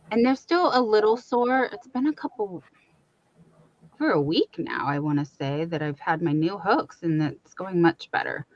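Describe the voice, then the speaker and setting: A woman's voice: fairly high pitch, a little mellow, dry recording, dull audio. A woman hosting a crochet livestream from her home, chatting casually and reading out viewer comments. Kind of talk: casual chat to a live audience.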